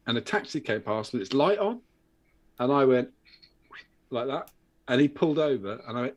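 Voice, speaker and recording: A man's voice: medium pitch, brisk. A British man hosting a casual show, telling stories with lots of swearing and acted-out voices. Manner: animated storyteller, swears a lot, acts out voices. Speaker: podcast host. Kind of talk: casual pub-style chat.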